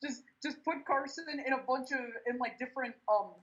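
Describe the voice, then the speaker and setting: A man calling into a live stream, talking casually in a hesitant, halting way over an online call. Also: very high-pitched, fairly bright tone, muffled recording. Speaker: caller. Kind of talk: casual chat.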